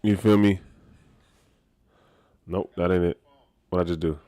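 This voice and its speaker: Male streamer, loud and animated, lowish voice, casual slangy chat. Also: a little slow. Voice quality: talks loud. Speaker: dancer and streamer.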